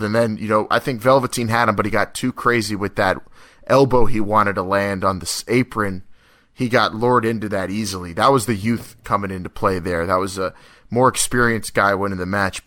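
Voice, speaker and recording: A man's voice: on the low side, fairly bright tone, dry recording. A man hosting a casual wrestling podcast, joking and teasing his co-hosts. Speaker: podcast host.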